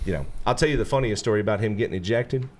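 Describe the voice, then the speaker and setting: Racing along in a lowish voice, a man hosting a podcast spins a lengthy story in casual conversation. He acts out quoted lines in animated bursts and leans on plenty of relaxed "you know" fillers.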